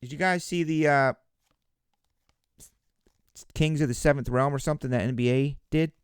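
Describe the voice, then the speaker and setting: A man's voice: fairly high pitch, normal speed, smooth, no echo, clean studio sound. A man hosting a casual live card-break stream, chatting with viewers and calling out player names as they come up. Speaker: card-breaking livestream host.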